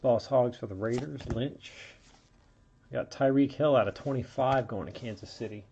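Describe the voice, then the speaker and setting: A man's voice: medium pitch, moderate pace, dark tone, highs cut off, a little hiss or hum. A man hosting a card break, chatting casually as he calls out each card he pulls and sounding a little under the weather. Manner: running play-by-play of pulls, chatty asides. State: feeling unwell. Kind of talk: casual card-opening commentary.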